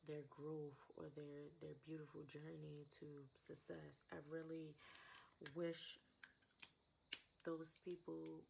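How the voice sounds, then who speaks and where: Twenties woman, low gravelly voice, raw heartfelt confessional vlog with repeated phrases. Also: a little hiss or hum. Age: 20s. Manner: raw, emotional, repeats phrases, sighs between thoughts. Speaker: vlogger.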